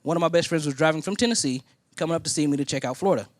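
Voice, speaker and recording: A man's voice: a little high, very fast, dry recording, clean studio sound. A man from Indiana preaching a sermon as a personal story, acting out the other people in it. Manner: animated storytelling, acting out quoted voices. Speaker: pastor.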